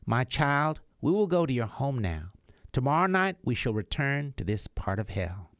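A man reads the part of Jesus, a gentle and solemn grown man in a spoken story. The delivery is calm, measured and earnest, with a lively, moving pitch, in a dry, close sound. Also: no echo, natural voice. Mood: tender.

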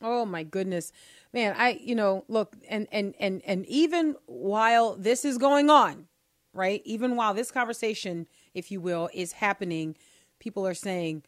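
A woman co-hosts a talk radio show in a dry, close studio sound. Her pitch sits mid-range. She talks casually and emphatically, stumbling and repeating words when stirred up. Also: normal speed, dry recording.

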